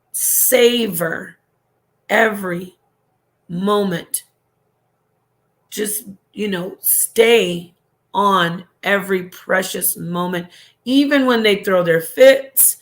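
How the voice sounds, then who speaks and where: A middle-aged woman hosting a casual livestream, reading her chat and talking warmly, often trailing off and restarting her sentences. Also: medium pitch, extremely slow. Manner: chatty, affectionate, trailing off and restarting. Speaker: livestream host.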